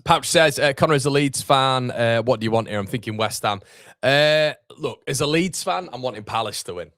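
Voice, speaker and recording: A man's voice: medium pitch, normal speed, a bit bright, no echo, studio quality. A young man hosts a live football watchalong. He chats casually, reads viewer comments aloud and calls people mate. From Yorkshire, England. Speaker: watchalong streamer.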